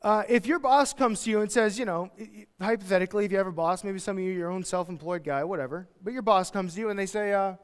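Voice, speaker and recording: A man preaching from the pulpit, his voice pitched high for a man and smooth, resonant. He teaches with animated delivery, acting out everyday voices. The sound carries a long church-hall reverb. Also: fast, hardly any pauses. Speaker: pastor. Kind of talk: expository sermon.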